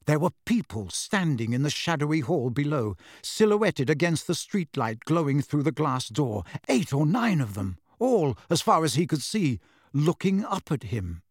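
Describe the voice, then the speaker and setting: A man reads a storybook aloud with a lively, expressive delivery. His voice sits a little high and moves freely. The recording is dry and close. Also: moderate pace, no room sound. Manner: dramatic, expressive reading. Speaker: audiobook narrator.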